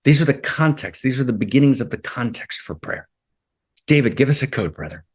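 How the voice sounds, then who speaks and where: A man's voice: mid-range voice, lively intonation, a little fast, husky. A man leading a spiritual talk, impassioned and repeating his phrases, often checking in with "right?". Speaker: spiritual teacher.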